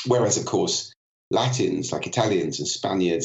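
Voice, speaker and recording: A man with a very low voice and a cold talks as an interview guest, explaining clearly and acting out vocal effects as examples. The sound is dull and a little roomy, like a remote recording. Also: animated, normal speed. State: has a cold. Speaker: podcast guest, voice and communication expert.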